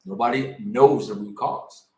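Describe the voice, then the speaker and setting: A man's voice: mid-range voice, steady tone, unhurried. A man in his forties co-hosting a casual podcast discussion, talking in an emphatic, worked-up way. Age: 40s. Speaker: podcast co-host. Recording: echoey room.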